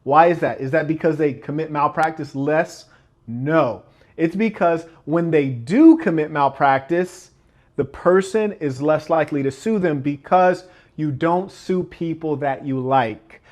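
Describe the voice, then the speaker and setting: A man delivers a motivational self-improvement talk in an emphatic, preacher-like way. His voice sits a little high for a man. Now and then he drops into short acted-out scenes to make his point. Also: unhurried, a little mellow. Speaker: channel host and speaker on self-improvement.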